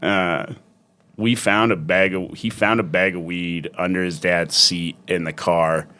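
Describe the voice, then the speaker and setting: A man hosting a podcast in casual chat, telling stories with lively acted-out quotes and lots of swearing. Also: low voice, unhurried. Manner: animated storyteller, acts out quotes loudly, swears a lot. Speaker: podcast host.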